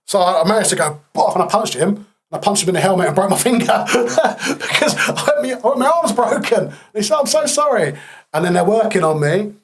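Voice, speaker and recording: A man sits as a podcast guest and recounts his story plainly, blunt and matter-of-fact, with flashes of dark humour. His voice sits a little high for a man. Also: animated, fast talker, hardly any pauses, husky. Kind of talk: candid storytelling interview.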